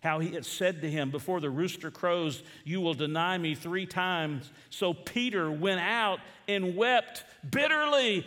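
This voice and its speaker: A man preaches in a fairly high voice, reading scripture aloud and putting questions to the listeners. He swings from loud, emphatic questions to low, quiet reading. His voice carries the long reverb of a church hall. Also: animated, unhurried, hardly any pauses. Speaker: pastor. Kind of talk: sermon.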